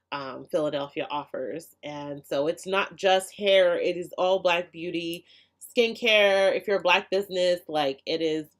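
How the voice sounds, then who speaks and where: A young adult woman hosting a casual live stream chat, talking in a chatty, heartfelt way and laughing often. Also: lowish voice. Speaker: hair care channel host.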